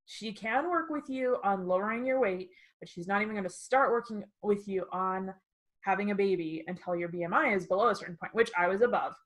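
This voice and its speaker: This is a twentysomething woman co-hosting a podcast, recounting a personal story with medium pitch. She keeps it casual and animated, laughing a lot and imitating what people said along the way.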